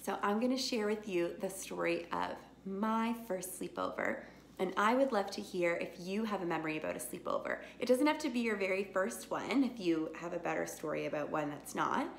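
A woman teacher reading a picture book aloud to children, with lively character voices and chatty asides. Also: lowish voice, normal speed, vocal fry, a little hiss or hum. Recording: echoey room.

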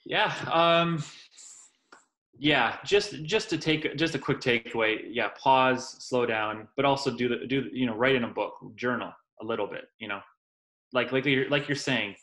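A man as a podcast guest, speaking calmly and reflectively in casual chat, with some hesitation. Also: mid-range voice, normal speed, poor audio.

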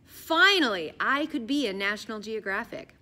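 A poised, self-assured schoolboy, voiced by a woman speaks in a formal, articulate, composed way. The voice is bright and crisp. He sounds calmly precise, as in a storybook. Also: a little high, normal speed.

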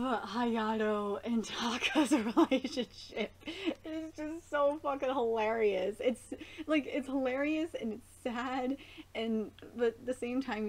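A woman's voice: fairly high pitch, slight background noise. Gushing, giggly woman streamer. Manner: gushing and excitable, laughs often; chatty with many fillers. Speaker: streamer reacting to an anime episode. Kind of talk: casual live reaction commentary.

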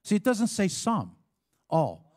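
A man's voice: sits high, huge pitch swings, takes it slowly, a little mellow. A man preaching a sermon as a pastor, talking in a conversational way with frequent asides and call-and-response with the congregation.

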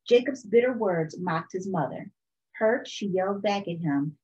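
A woman reads a children's picture book aloud in a calm, expressive storytelling voice. Her pitch sits in the middle range. The recording is muffled and lo-fi. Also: measured pace. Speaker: storytime reader.

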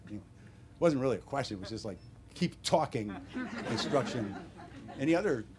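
Older American man, wry deadpan storyteller, bookstore talk, faint hiss behind. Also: medium pitch, fairly quick, a crowd in the background. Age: 70s. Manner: wry, deadpan humor with animated quoted voices. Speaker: author at a book talk. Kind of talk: casual storytelling Q&A. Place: bookstore event room.

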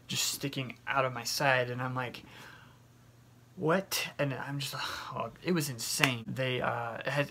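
A young man tells a personal story to his camera in a loose, chatty vlog style, filling the gaps with ums and quoted reactions. His voice is bright and carries a gravelly fry. A faint hiss sits under the recording. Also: medium pitch. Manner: chatty, animated retelling with many fillers and quoted asides. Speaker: vlogger.

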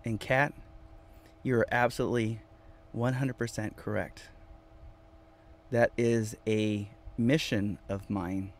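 A man chatting casually on a livestream from inside his van, reading viewers' comments aloud, talking to them by name and repeating himself with lively energy. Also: on the low side, slow pace, long pauses. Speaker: vlogger reading live chat.

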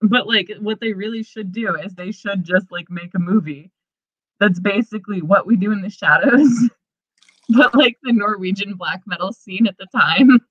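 A woman's voice: mid-range voice, normal speed, fairly bright tone, dry recording. A woman co-hosting a podcast in casual chat, who swears often and laughs easily. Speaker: podcast co-host. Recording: dull lo-fi podcast mic.

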